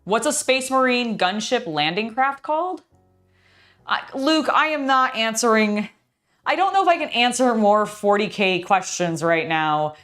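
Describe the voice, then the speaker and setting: A tired young woman chatting casually on a live stream while building, scattered and excitable. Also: a little high, measured pace, faint music behind. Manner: scattered, excitable, self-talking. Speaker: streamer building a LEGO set.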